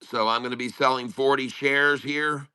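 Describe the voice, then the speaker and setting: A man's voice: medium pitch, fairly even intonation, moderate pace, pushed and bright, clear, resonant tone. A middle-aged man hosting a casual live stream from home, chatting and muttering to himself while he fixes his audio, with a slight lisping sound on his voice. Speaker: day-trading livestream host.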